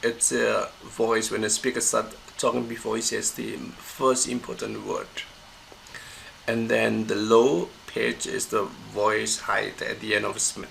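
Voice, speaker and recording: A man, a university lecturer, giving a recorded pronunciation lesson, explaining slowly and methodically, repeating examples and correcting himself. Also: on the low side, gravelly, fairly bright tone, a little hiss or hum, low-quality recording.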